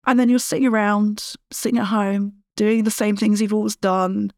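A woman's voice: mid-range voice, flat delivery, moderate pace, darkish tone, no room sound, studio quality. Blunt, emphatic woman coaching. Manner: direct, emphatic, tough-love coaching. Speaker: podcast host and fitness coach. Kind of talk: solo podcast monologue.

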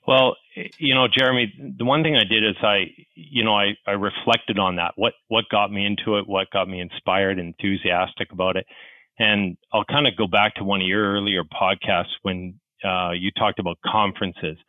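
A man's voice: lowish voice, fairly even intonation, normal speed, dry recording, narrow, tinny audio. A man from Calgary with a Canadian accent, a podcast guest telling stories in a chatty, self-deprecating way. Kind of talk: casual podcast storytelling.

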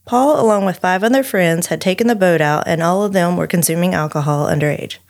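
A woman with a drawl narrates a researched true-crime case for her podcast. Her voice sits a little low, and she reads steadily but breaks off for friendly back-and-forth with her co-host. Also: brisk, vocal fry. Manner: steady storyteller reading researched notes, chatty asides.

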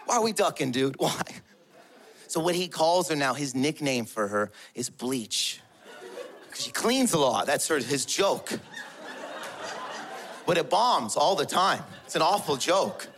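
A man's voice: fairly high pitch, animated, a little slow, fairly bright tone. A man performing a stand-up comedy set, telling stories in a rambling, profane way.

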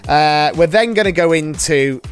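A man's voice: fairly high pitch, normal speed, faint music behind. A man hosting a podcast in casual chat, jokey and playful. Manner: jokey and playful, laughs often. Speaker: podcast host.

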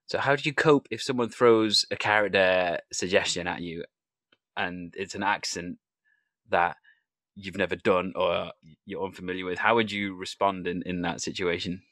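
A man's voice: sits low, steady tone, moderate pace, fairly bright tone, no room sound. A man hosting a casual interview, telling stories and acting out the lines people said to him. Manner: tells anecdotes, acting out quoted dialogue. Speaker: podcast host interviewing an improviser.

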